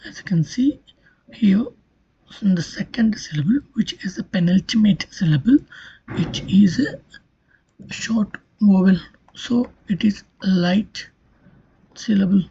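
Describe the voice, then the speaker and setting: Breathy, husky-voiced linguistics lecturer. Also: mid-range voice, expressive, slow pace, long pauses, warm tone. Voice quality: breathy, half-whispered delivery. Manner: checks understanding with "Clear?" and "right?"; repeats and corrects themself mid-explanation. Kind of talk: explanatory online lecture. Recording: dull lo-fi recording.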